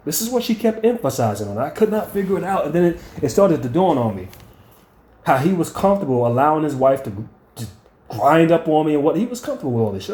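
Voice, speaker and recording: A man's voice: a little high, very animated, quick pace, a little mellow, reverberant. A man telling stories and ranting bluntly, with heavy profanity and words repeated when he gets heated. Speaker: channel host. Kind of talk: profane storytelling rant.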